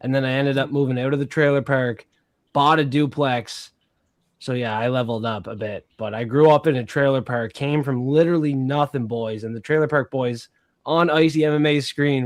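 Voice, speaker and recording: A man's voice: mid-range voice, no echo, studio quality. A man from Prince Edward Island with a Canadian accent, co-hosting a casual podcast chat in a laid-back, chatty way, swearing now and then. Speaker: co-host.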